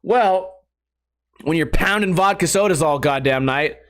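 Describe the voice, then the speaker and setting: A man's voice: on the high side, unhurried, a bit bright. A young adult man ranting on a casual podcast, profane and exasperated, putting on mocking voices when he quotes people. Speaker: skateboarding YouTuber.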